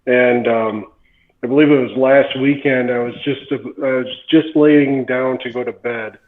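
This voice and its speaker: A man's voice comes through a tinny, phone-like line in an echoey room. He is the caller on a live psychic show and recounts a strange night in a relaxed, halting way. His pitch sits in the middle. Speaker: caller getting a reading. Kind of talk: casual storytelling. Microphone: video call.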